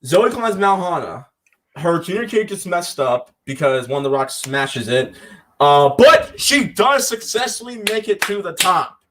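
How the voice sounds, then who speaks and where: A man's voice: high-pitched, big pitch swings, bright, forceful tone, a little hiss or hum. Upbeat man recapping an episode. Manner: rambling, quick recaps with voiced-out quotes. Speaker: podcast co-host.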